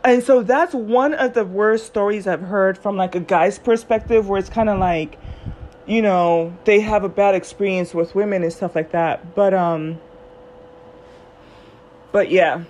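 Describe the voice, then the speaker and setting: A woman's voice: mid-range voice, unhurried, a little hiss or hum. A young woman telling a personal story in a chatty monologue on her podcast. She acts out the quoted lines of the people in her story. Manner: chatty, animated retellings with quoted voices. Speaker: podcast host.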